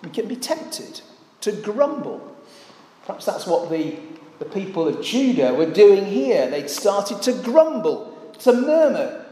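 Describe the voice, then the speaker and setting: A man's voice: sits high, very animated, a little slow, dark tone. A man preaching a sermon in a church, earnest and often putting rhetorical questions to the congregation. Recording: echoey church hall.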